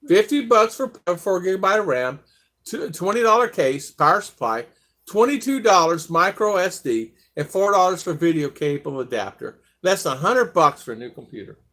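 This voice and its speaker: An older American man hosting a casual live stream, rambling as he reads viewer comments aloud. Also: moderate pace. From United States. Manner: rambling, reads chat aloud, lively pitch swings.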